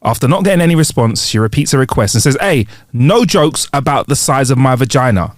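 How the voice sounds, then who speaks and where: A man's voice: mid-range voice, brisk, dry recording, studio quality. A man co-hosting a comedy podcast, telling jokes aloud and laughing often. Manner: animated, laughs a lot, acts out characters in jokes. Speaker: podcast co-host. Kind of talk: joke-telling podcast chat.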